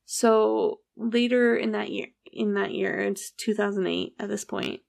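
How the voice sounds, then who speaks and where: A woman's voice: medium pitch, a little slow, vocal fry. A woman casually telling a true story, acting out the people's lines and swearing freely. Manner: animated, acts out quoted dialogue, swears casually.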